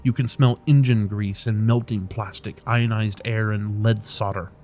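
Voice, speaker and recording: A man's voice: lowish voice, fairly even intonation, measured pace, a little mellow, a little hiss or hum. A man narrating a video game, reading its text aloud with casual remarks and tripping over unfamiliar names. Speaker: let's play commentator.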